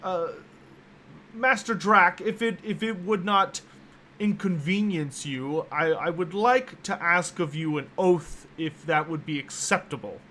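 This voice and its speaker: A man's voice: high voice, a little slow, bright, forceful tone, slight background noise. Anders, a man doing a courteous scholarly patron. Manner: polite, formal, hesitant. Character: courteous, scholarly gentleman patron, soft-spoken. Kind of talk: tabletop game role-play.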